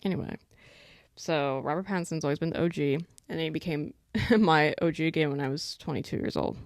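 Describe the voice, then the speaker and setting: A young woman in her twenties chats loosely and rambles on a solo podcast, her voice sitting a little low. The sound is close and dry, with no room echo. She often stops to scold a pet at home. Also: a little fast. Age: 20s. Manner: chatty, rambling, talks to her pet between thoughts. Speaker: podcast host. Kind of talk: casual solo podcast chat.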